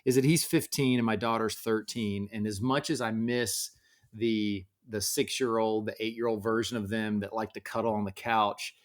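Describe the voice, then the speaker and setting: A man with a lowish voice tells stories about his children in an easygoing, conversational way. He talks as a podcast guest, pausing and restarting his sentences as he thinks. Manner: relaxed storytelling with frequent restarts. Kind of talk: casual conversation.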